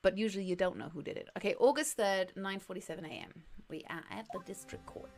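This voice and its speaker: A woman's voice: mid-range voice, fast talker. A woman streamer chatting casually and swearing freely while she plays through a video game.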